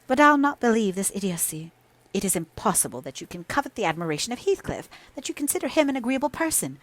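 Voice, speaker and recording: A woman voicing a proud, sharp-tongued young mistress of the house who speaks with scorn and emphasis. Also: a little high, big pitch swings, fast talker, no room sound, pitched above the performer's own voice. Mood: scornful, emphatic.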